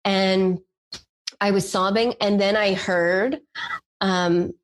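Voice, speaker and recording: A woman's voice: mid-range voice, fairly even intonation, slow. A woman telling an emotional personal story with candid, rambling speech full of "like" fillers.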